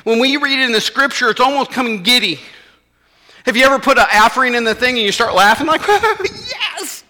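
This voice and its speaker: A man's voice: extremely high pitch, fast talker, bright, forceful tone, big-room sound. A man, preaching a sermon in a church in a conversational way and acting out the voices of his listeners. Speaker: pastor.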